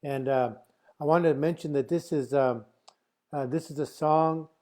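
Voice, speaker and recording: A man teaching a song over a video call, speaking in a halting way with many filler pauses. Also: a little high, steady tone, warm tone. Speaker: flute player teaching a song.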